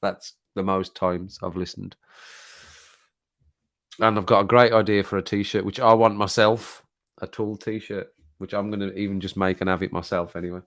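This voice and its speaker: A British man with a fairly low voice chats casually on a live stream from home. He rambles, laughs a lot and repeats his phrases as he talks. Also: steady tone, normal speed, a bit bright. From Britain. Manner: chatty, rambling, laughs often, repeats himself. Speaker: YouTube channel host. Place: home, sitting at desk.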